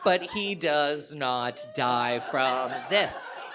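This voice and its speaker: A man performing stand-up comedy on stage, telling a story in an animated, profane way with sudden loud outbursts. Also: a little high, slow pace, few pauses. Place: live stage show.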